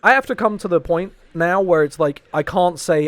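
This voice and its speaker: A man's voice: sits high, fairly quick, fairly bright tone, dry recording. A man in his twenties chatting casually on a stream, joking and swearing as he rambles, his voice strained and tired. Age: 20s. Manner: rambling, jokey, swears often. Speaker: fighting game podcast co-host.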